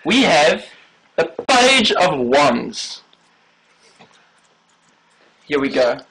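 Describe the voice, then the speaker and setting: A man's voice: fairly high pitch, sing-song, extremely slow, fairly bright tone, heavily acted, poor audio. A man putting on a South African accent to play a jokey male tarot reader who tags his lines with "eh". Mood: playful. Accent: put-on South African.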